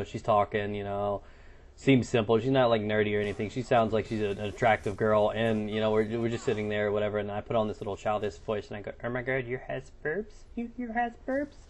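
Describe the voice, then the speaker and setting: A man's voice: on the low side, steady tone, brisk. Crude, rambling young gaming commentator, man. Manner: crude, joking and rambling, swears a lot. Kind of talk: casual gameplay commentary, story time.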